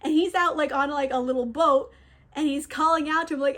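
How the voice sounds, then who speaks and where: A woman's voice: sits high, fairly even intonation, a bit bright. A young woman casually retelling a novel's plot, with lots of fillers and frequent laughter. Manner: laughs often, lots of fillers, quick quoted asides. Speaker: book reviewer. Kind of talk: casual book recap.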